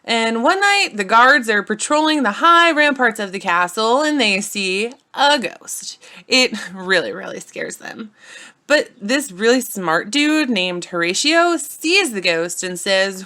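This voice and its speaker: A woman's voice: fairly high pitch, lively intonation, a little slow, sharp tone. A young woman narrating a playful, silly retelling of a classic story, with casual slangy asides.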